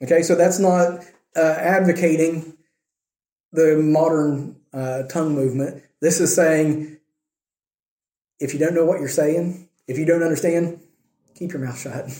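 Male pastor, fairly high mellow voice, easygoing sermon delivery, roomy echo. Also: fairly even intonation, unhurried, pauses often. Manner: conversational preaching, checks in with "right?" and "okay?".

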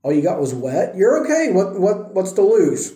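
Sex: man. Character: a man doing calm, practical servants. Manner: coaxing and reasoning. Pitch: high. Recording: echoey room. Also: normal speed.

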